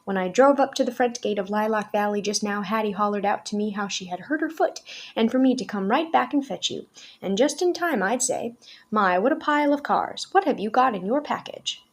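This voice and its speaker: A woman's voice: medium pitch, animated, brisk. A woman doing a homespun country farmer. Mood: easygoing. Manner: easygoing, homespun.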